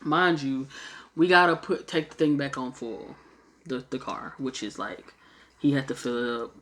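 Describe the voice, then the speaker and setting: A woman's voice: extremely low pitch, normal speed. A young woman casually telling a travel story, swearing freely and acting out what people said. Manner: animated, swears freely, acts out quotes.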